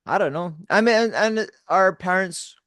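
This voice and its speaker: A laid-back man in his forties from Hawaii hosts a podcast interview. His voice is smooth and fairly high. The sound is dry and close. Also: normal speed, a bit bright, no echo. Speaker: podcast host.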